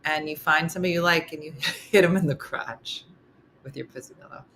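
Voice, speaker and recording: A woman's voice: low-pitched, fairly quick, slight background noise. A middle-aged woman hosting a morning show, telling comic stories in a casual, laughing way. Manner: animated, laughing, slips into character voices for quotes. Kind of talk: casual comedic storytelling.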